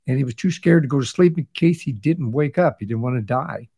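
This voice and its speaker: A man's voice: medium pitch, lively intonation, a little fast, gravelly, warm tone, breathy edge. Tired man hosting a podcast chat. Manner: conversational, with fillers and restarts. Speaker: podcast host. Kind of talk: casual chat recapping episodes.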